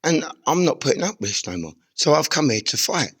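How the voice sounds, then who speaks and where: A man's voice: on the high side, very animated, a little fast, a bit bright, husky. A man giving an intense, rambling, confrontational monologue outdoors in a churchyard. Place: outdoor churchyard among graves.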